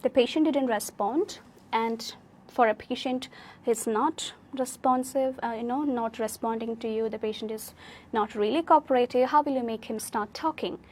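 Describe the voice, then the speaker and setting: A woman's voice: fairly high pitch, moderate pace, darkish tone. A woman with an Indian English accent teaching a live online speaking class, encouraging and correcting students' sentences, often checking with "okay?".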